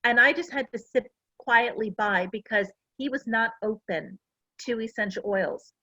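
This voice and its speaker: A woman's voice: on the high side, unhurried, pushed and bright, no room sound, poor audio. A middle-aged woman giving a casual, earnest talk to a class, full of personal stories. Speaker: essential oils presenter.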